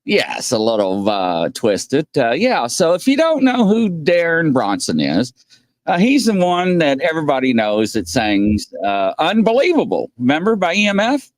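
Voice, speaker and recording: A man's voice: fairly high pitch, wildly swooping pitch, normal speed, no echo, studio quality. A man hosting a casual livestream, rambling and joking as he reads chat comments aloud and greets viewers. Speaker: host.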